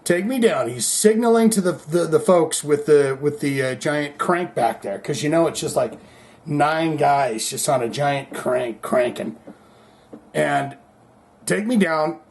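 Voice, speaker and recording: A man giving crude, jokey, animated play-by-play commentary on a concert clip. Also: a little high, measured pace, gravelly. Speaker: video commentator. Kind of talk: excited video commentary. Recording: loud background noise.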